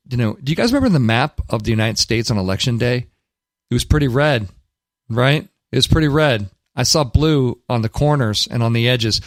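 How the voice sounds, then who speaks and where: Blunt and emphatic, a man hosting a studio talk radio show shares opinions in casual commentary, restarting often. His voice is medium-pitched, with no room sound.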